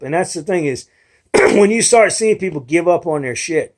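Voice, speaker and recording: A young man with a slightly high-pitched voice rambles through a casual monologue to his viewers. He restarts his sentences often and sounds argumentative and frustrated as he makes his case. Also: lively intonation, moderate pace, a little mellow. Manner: rambling, restarts often, mimics others in quotes. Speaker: video blogger.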